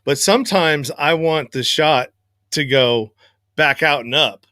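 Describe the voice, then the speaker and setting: A man's voice: on the high side, measured pace, pushed and bright, dry recording, clean studio sound. A man hosting a casual interview over a video call, easygoing and agreeable. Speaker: host.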